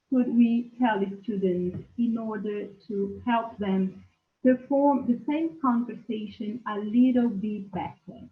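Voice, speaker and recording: A woman leads a teacher-training webinar at an unhurried pace, posing questions and picking up answers from attendees. She speaks from an other than English. Her voice arrives through a thin, phone-like call line with a roomy echo. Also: a little high. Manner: slow, questioning, reads out learners' answers. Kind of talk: webinar lecture. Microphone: video call. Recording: echoey, tinny video call.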